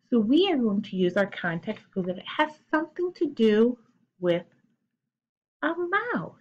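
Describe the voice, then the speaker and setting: Slow, patient woman teacher explaining. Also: medium pitch, highs cut off. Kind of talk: recorded classroom lesson for children.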